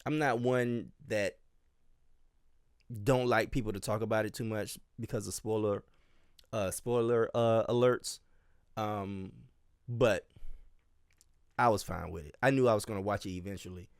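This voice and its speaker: A man with a Southern accent talks casually on his solo podcast, rambling along with plenty of fillers and false starts. His voice is smooth and clear. The sound is dry and close, with no room around it. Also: on the low side, fairly even intonation, measured pace, long pauses, no room sound. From Miami and Charleston, US South. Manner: rambling, with many fillers and restarts. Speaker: dance teacher and podcast host.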